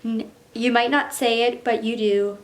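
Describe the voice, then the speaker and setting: A woman voicing a determined young woman dragon rider pleading for love, read aloud softly and earnestly. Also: a little high, little pitch movement, a little slow, close to an everyday voice.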